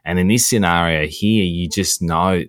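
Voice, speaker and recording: A man hosting a podcast interview, who talks in a reflective, measured way. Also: low-pitched, no echo, clean studio sound. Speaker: podcast host. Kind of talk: conversational interview.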